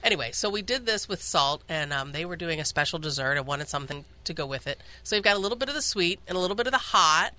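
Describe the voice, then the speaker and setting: Shop owner guest in a radio studio, upbeat and chatty, bright and tense tone. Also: mid-range voice, animated, quick pace, hardly any pauses. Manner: chatty, enthusiastic, many fillers. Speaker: ice cream shop owner.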